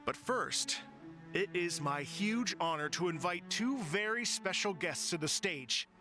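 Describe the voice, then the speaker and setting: A man voicing a calm, earnest musician who organizes a rock festival and announces its acts in a game. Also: high-pitched, measured pace, over music. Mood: announcing.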